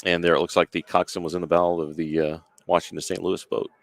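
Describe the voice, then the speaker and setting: A man's voice: sits low, little pitch movement, dry recording. A man doing play-by-play for a rowing regatta broadcast, easygoing and agreeable. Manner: easygoing, agreeable, fills with quick asides. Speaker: play-by-play commentator. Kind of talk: sports broadcast commentary.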